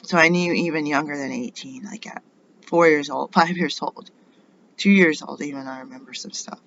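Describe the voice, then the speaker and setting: A woman's voice: sits low, normal speed, gravelly, a bit bright, a little hiss or hum. Indignant middle-aged woman, dull lo-fi. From United States. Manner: indignant, rambling, rhetorical questions. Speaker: vlogger. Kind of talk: rambling personal monologue.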